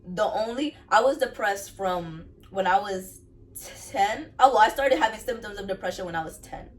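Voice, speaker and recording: Young woman, earnest personal testimony, mid pitch, mic set back a bit. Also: expressive, moderate pace, recorded from a distance. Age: young adult. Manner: earnest, repeats phrases for emphasis. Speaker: vlogger sharing her faith testimony.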